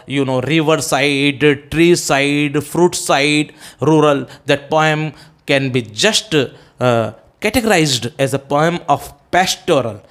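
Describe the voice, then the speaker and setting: Speaking in a fairly high, slightly bright voice, an Indian-accented man teaches a poem in English class. He checks in with "okay?", spells out terms letter by letter, and halts and restarts with plenty of "uh"s.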